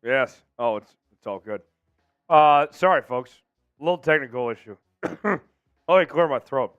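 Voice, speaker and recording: A man hosting a live sports news show, talking fast and animated about players, then coughing, losing his voice and apologizing to viewers. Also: mid-range voice, clear, resonant tone, no room sound, narrow, tinny audio, soft background music.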